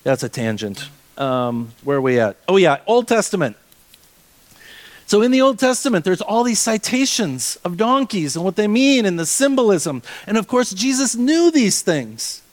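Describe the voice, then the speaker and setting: A male pastor preaching a sermon, reading scripture and retelling it with playful, animated asides. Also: high-pitched, moderate pace.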